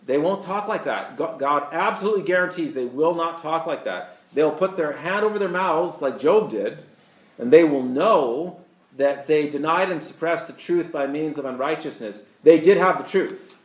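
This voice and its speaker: A man's voice: a little high, normal speed. Earnest preacher man, echoey room. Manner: earnest, asks the audience rhetorical questions. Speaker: pastor. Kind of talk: sermon.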